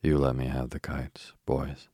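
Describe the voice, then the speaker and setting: A man voicing a resourceful young girl who looks after her brothers, earnest and gently bossy. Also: rumbling low, flat delivery, unhurried, breathy edge, no room sound, clean studio sound, exaggerated voice. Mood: flustered. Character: young girl, eldest sister, caring and resourceful.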